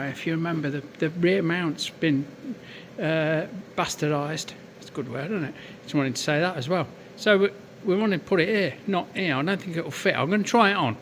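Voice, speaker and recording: A man with a slightly hoarse voice gives chatty, sweary commentary while working at a lathe in his workshop, full of self-mocking asides. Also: high-pitched, a bit bright, a little hiss or hum. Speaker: workshop fabricator.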